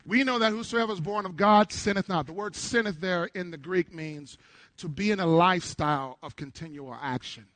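A middle-aged male pastor preaching a sermon to his congregation in church, with call-and-response that swells into shouts. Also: high voice, moderate pace, dry recording.

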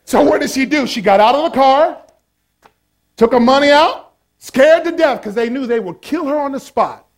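A man preaching a sermon with passion, repeating key lines and swinging between shouts and hushed tones. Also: very high voice, expressive, moderate pace.

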